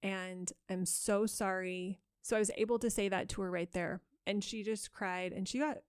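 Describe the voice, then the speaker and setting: A woman's voice: mid-range voice, steady tone, fairly quick, clear, resonant tone, dry recording. Candid woman podcaster, dry sound. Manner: candid, self-critical, earnest. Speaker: parenting podcast host. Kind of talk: reflective solo podcast storytelling.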